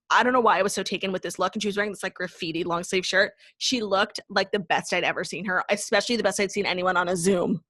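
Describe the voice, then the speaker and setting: A woman's voice: mid-range voice, a bit bright, no room sound. A young woman co-hosting a podcast, gossiping in casual chat with lots of "like" and some swearing. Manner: fast gossipy talk, heavy "like" filler, swearing. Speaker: podcast co-host.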